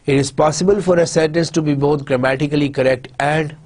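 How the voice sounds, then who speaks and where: A man's voice: on the high side, fairly even intonation, brisk, darkish tone. A man with a Pakistani English accent giving a university lecture on grammar, explaining step by step and often restarting and restating his points.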